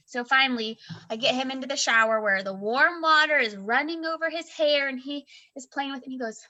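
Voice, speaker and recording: A woman in her thirties co-hosting a book club podcast, telling a home story in a lively, expressive way and acting out the voices she quotes. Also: sits high, a little fast. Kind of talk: casual storytelling chat.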